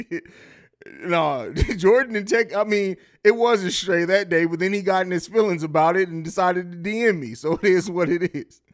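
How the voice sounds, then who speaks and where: A man with a fairly high speaking voice hosts a live sports stream. He talks in a loose, profane, casual way, laughing often and reading viewer comments aloud as he goes. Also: normal speed. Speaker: podcast host.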